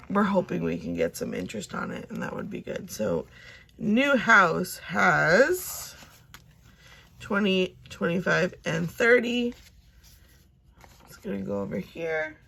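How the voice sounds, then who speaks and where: Chatty young woman with gravelly fry. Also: medium pitch. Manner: chatty, talks to herself, drifts into soft whispers. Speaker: budgeting vlogger. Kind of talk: casual chat while counting cash.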